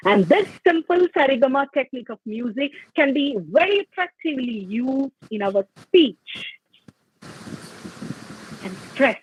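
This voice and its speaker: A woman's voice: high-pitched, slight background noise. A woman giving an instructive, emphatic online lecture on public speaking. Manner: instructive, emphatic, sings scale examples. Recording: dull lo-fi audio.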